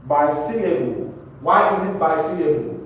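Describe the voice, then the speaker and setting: A man teaches an English class in a fairly high, animated, slightly bright voice at normal speed. He repeats words and often checks understanding with "right?". The room is very echoey, with the mic far off and faint noise.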